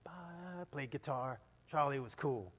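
A man preaching a sermon as pastor, telling stories and building to loud, emphatic peaks. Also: medium pitch, animated, measured pace, slight background noise. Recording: long hall reverb.

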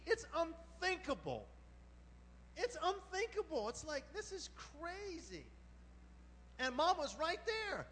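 A man preaches from the pulpit with a strikingly high voice. He talks loosely and animatedly and breaks into exclamations. His words ring out with a long reverb through the church hall. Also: very animated, a little slow, sharp tone. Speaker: pastor. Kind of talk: sermon.

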